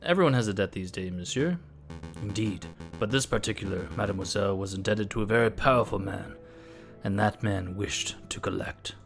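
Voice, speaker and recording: A man's voice: fairly low pitch, a little fast, vocal fry, faint music behind. A man voicing a cunning male fox who poses as a prince, talking in a suave, theatrical way with a put-on Spanish accent. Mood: confiding.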